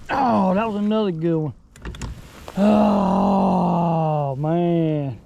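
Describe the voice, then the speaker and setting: A middle-aged man, giving excited, folksy commentary while fishing from a boat outdoors. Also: sits high, very slow, creaky, highs cut off, a little hiss or hum. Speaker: fishing vlogger.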